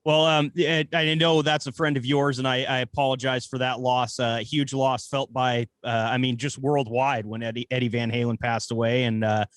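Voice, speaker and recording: A man's voice: medium pitch, level tone, a bit bright, no room sound. Dry-sounding man, podcast host. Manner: halting, many fillers and restarts. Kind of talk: interview questions.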